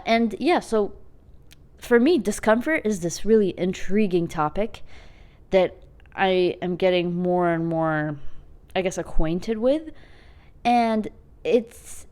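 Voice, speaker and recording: A young woman hosts her own podcast, chatting on her own and joking at her own expense. Her voice sits a little low for a woman, and she rattles through quick asides. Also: darkish tone. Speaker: podcast host. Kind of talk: casual solo podcast monologue.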